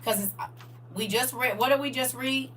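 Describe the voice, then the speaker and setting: A middle-aged woman with a raspy, high-sitting, slightly bright voice leads a casual online Bible study, chatting with listeners at a normal speed. She's talkative, laughs often and addresses her audience directly, with slight background noise.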